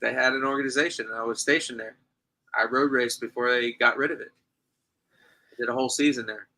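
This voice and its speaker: A man from New York, a podcast guest, telling stories loudly in casual chat. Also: mid-range voice, fairly quick, poor audio. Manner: loud, animated storyteller.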